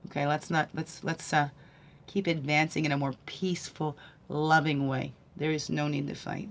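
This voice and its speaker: Soft-spoken woman giving a spiritual card reading. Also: sits low, steady tone, normal speed. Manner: soft-spoken, musing, often asking "right?"; swings from hushed to emphatic when preaching. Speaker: spiritual guide and card reader.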